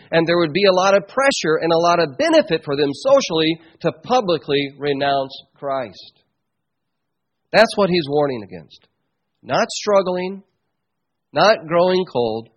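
A man preaching a sermon in a church, teaching with strong emphasis that drops to quiet asides. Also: on the high side. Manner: emphatic teaching, swings between loud stresses and quiet asides.

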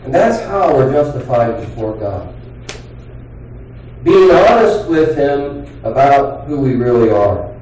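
Male pastor, earnest conversational sermon, mellow tone, booming echoey church, mic at a distance. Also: big pitch swings, a little hiss or hum. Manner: earnest, conversational preaching with pauses and restarts. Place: church sanctuary. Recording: very echoey hall, voice from far off.

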